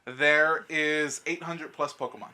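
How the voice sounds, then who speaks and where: A man's voice: a little high, steady tone, unhurried, bright, forceful tone, clear, resonant tone. A man co-hosting a casual podcast, laughing often and swearing as he explains a quiz game. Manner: laughing, profane, explains rules loosely. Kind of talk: casual chat.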